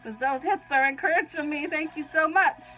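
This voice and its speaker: This Christian vlogger, a Southern US woman, reads aloud from her own Christian writing at a normal speed, her high voice pushed and bright. Faint music sits behind the low-quality recording, and she often breaks off to sneeze and giggle.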